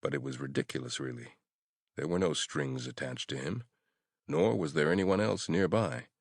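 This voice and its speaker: Deep-voiced male audiobook narrator. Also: moderate pace, gravelly, slightly rough, dry recording, clean studio sound. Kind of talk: scripted horror narration.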